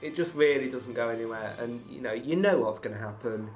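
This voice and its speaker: Measured man critiquing films. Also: medium pitch, soft background music. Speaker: film podcast panelist. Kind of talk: casual film chat.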